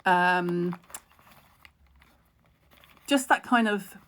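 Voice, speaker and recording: A woman's voice: fairly low pitch, drawn-out words, a bit bright. A middle-aged woman hosting a live stream, chatting frankly, laughing at herself and answering viewer comments. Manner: chatty, frank and self-mocking, laughs a lot. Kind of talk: casual live-stream chat.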